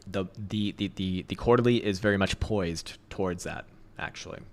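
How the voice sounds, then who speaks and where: A man's voice: low voice, moderate pace. A man hosting a crypto trading livestream, talking casually and bluntly with heavy swearing, frequent laughs and rambling restarts. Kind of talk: casual livestream chart commentary.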